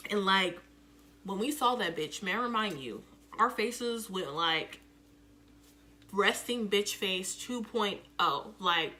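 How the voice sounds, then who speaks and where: A young woman telling a casual storytime, profane and animated, acting out the quotes loudly. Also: medium pitch, slow pace. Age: young adult. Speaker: vlogger.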